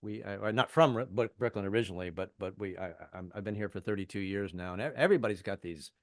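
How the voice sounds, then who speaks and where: In clean studio quality with no echo, an older stand-up comedian from the American South talks fast in a lowish voice. His set is rambling and self-deprecating, broken up by frequent stammered restarts.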